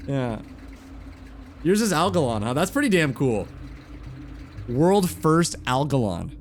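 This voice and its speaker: Laid-back male streamer, slightly higher voice. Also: slow, a little hiss or hum. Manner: relaxed, rambling, swears casually. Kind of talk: casual gaming stream chat.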